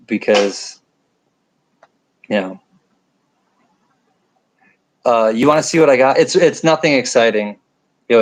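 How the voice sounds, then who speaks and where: A man's voice: mid-range voice, rough recording. Nasal upstate New York man rambling. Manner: rambling, joking, self-deprecating asides. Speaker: livestream host reading chat. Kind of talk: casual chat with viewers. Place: home, at night.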